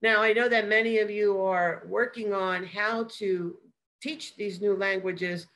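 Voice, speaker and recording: A woman giving a measured, explanatory academic lecture as a guest lecturer. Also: mid-range voice, steady tone, a bit bright, low-quality recording. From United States.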